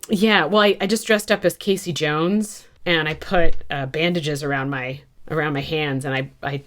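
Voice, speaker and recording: A woman with a low-pitched voice chatting as a podcast guest. She tells her stories candidly and pokes fun at herself along the way. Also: steady tone, normal speed, fairly bright tone. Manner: candid, self-mocking storyteller. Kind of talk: casual podcast interview.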